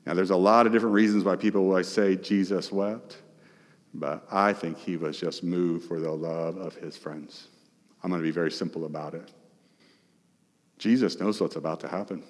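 A male pastor preaching a sermon, asking the congregation questions, emphatic and shifting between loud and hushed. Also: deep voice, steady tone, normal speed, long reverb tail.

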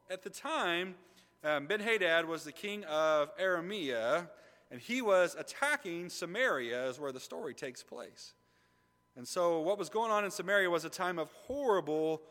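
A middle-aged man preaching a sermon, swinging between loud emphatic lines and low, hushed asides, often putting questions to the congregation. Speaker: pastor. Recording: long reverb of a large hall.

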